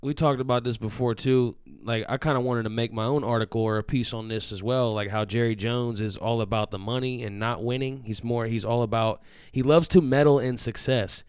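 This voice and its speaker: A man's voice: medium pitch, brisk, hardly any pauses, smooth, no room sound, studio quality. A man co-hosting a live fan sports show, talking casually and reading out viewer comments. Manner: casual, steady, reads out comments.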